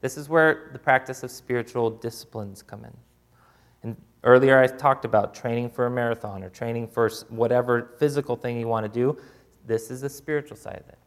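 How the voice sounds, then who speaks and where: Conversational male preacher. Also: mid-range voice. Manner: acts out quoted prayers, voice dropping soft for them; plain, informal, with repeated restarts. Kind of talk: conversational sermon.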